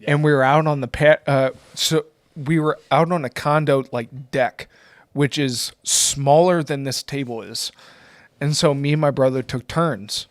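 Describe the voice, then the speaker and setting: A fairly high-voiced man chats as a guest, spinning animated stories and breaking into laughter now and then. His voice sounds dry and close, with little room sound. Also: measured pace, no room sound. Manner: animated storyteller, laughs often. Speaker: podcast guest. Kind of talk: casual chat. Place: around a table with hosts.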